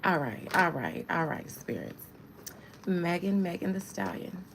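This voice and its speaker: A woman's voice: on the low side, animated, measured pace, creaky, fairly bright tone, slight background noise, rough recording. A woman in her thirties reading tarot on a casual livestream, chatting with viewers and laughing often. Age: 30s. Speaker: tarot reader.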